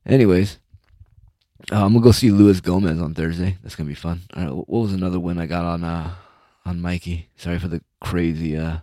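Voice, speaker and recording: A low, dark-toned man talking close to a dry mic. He rants through a loose solo monologue, sarcastic and profane, with plenty of uhs and restarts. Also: steady tone, fairly quick, no echo. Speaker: solo podcast host. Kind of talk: casual rambling monologue.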